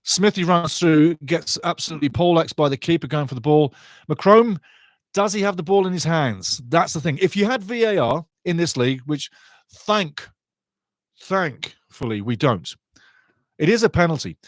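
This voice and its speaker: A man giving passionate live football commentary, chatting to viewers and shouting when goals go in. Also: fairly high pitch, expressive, moderate pace, dry recording. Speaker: football watch-along commentator. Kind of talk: excitable live match commentary.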